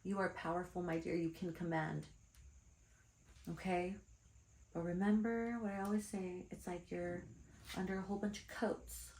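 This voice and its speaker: A woman's voice: lowish voice, fairly even intonation, moderate pace, long pauses, darkish tone. A woman spiritual teacher giving a chatty, blunt card reading to her viewers, calling them darlings. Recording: echoey room.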